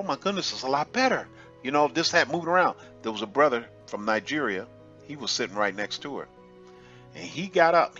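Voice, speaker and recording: A man's voice: mid-range voice, pushed and bright, highs cut off. A man telling a personal testimony in an earnest, emotional way, often repeating himself. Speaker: speaker giving a testimony.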